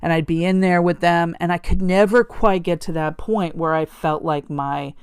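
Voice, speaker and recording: A middle-aged woman's low, steady voice comes across darkish and smooth, recorded in a studio without room sound. Hosting a podcast, she reflects candidly on her life in a halting, conversational style full of restarts, quoting her father with a lifted, sweet voice.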